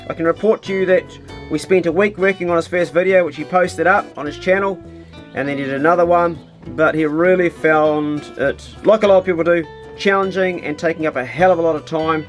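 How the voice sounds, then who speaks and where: A man with a New Zealand accent hosting a vlog, chatting casually to camera in a relaxed, easygoing way with plenty of slang. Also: a little high, a little fast, soft background music. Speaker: vlogger host.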